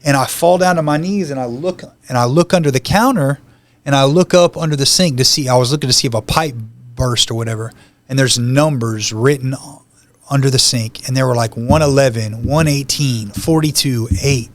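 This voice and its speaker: A man's voice: mid-range voice, moderate pace, dry recording. A man telling his personal testimony as a podcast guest, in a conversational storytelling manner that acts out the lines of the people in it.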